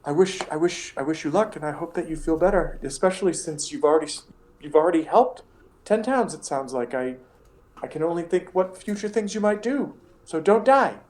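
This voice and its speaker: A woman's voice: sits low, expressive, fairly quick, darkish tone, pitched above the performer's own voice. A man voicing a coquettish young barmaid, hesitant and polite. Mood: concerned.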